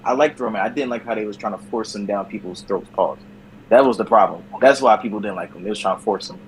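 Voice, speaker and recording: A man's voice: on the low side, fast talker, a little hiss or hum, rough recording. A man in a casual chat, giving his opinions bluntly and in short bursts.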